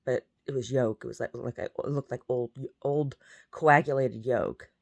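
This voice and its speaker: A woman's voice: very deep voice, fairly even intonation, moderate pace, gravelly. A woman vlogging in a rambling, chatty way, jumping between topics. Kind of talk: casual chat.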